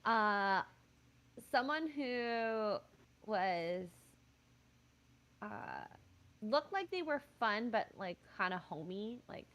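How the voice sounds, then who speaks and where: A woman streamer chats casually with friends during a livestream. Her pitch swings widely and she laughs often, keeping the talk animated and loose. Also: very slow, long pauses. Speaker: streamer host.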